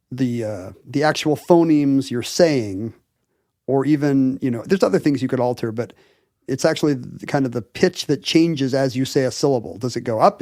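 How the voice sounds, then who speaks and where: A man's voice: on the high side, darkish tone, no echo, clean studio sound. A man co-hosting a podcast, explaining things in casual chat with lots of fillers and restarts. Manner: enthusiastic explainer, hedges with fillers. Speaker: podcast co-host.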